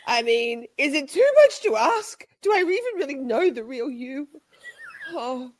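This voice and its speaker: A woman's voice: high-pitched, animated, measured pace, dry recording. A woman hosting a casual livestream, chatting with playful mock outrage and frequent laughter. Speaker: livestream host.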